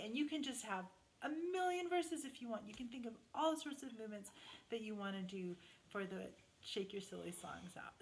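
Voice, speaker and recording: High-voiced woman leading a sing-along. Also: a little hiss or hum. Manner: bouncy, sing-song, encouraging children. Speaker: music therapist. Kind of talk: children's sing-along lesson. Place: home, online session. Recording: guitar playing loudly behind.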